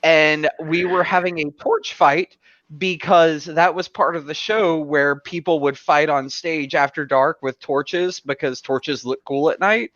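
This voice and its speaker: A man's voice: fairly high pitch, fairly even intonation, a little slow, a bit bright, no echo, muffled recording. A man telling a story in casual chat, rambling with lots of fillers. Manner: rambling, chatty, with many fillers. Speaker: co-host.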